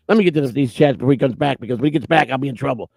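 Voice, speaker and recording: A man's voice: mid-range voice, quick pace, creaky, darkish tone, no room sound. A man hosting a casual live stream, joking and teasing as he reads chat messages aloud on a streaming mic. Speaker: host.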